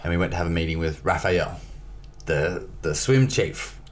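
A man telling a personal story as an interview guest, in a lively way, acting out the dialogue. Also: low voice, moderate pace. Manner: lively, acts out dialogue in his stories. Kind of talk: casual storytelling.

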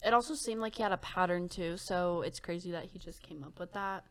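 A young woman co-hosting a casual true-crime podcast, reading quotes aloud with soft laughs and many fillers. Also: lowish voice, brisk. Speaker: podcast co-host.

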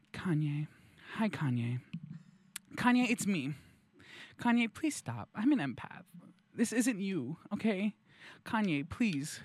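A man's voice: high-pitched, dry recording, voice pushed up. A man playing a smug pleading empath. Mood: soothing. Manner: soothing, pleading, self-congratulating. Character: smug self-proclaimed male empath, pleading. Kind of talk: comedy sketch.

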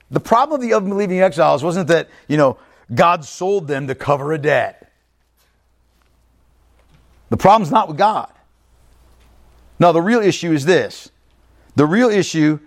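Emphatic preaching man, fairly high voice. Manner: emphatic, conversational preaching with frequent "right?" asides. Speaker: pastor. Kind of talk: sermon.

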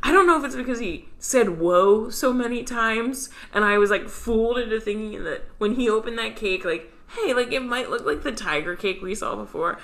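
Animated laughing woman podcast host. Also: on the high side, moderate pace, hardly any pauses. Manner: animated, laughing, mimics characters in exaggerated voices. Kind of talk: casual comedic chat.

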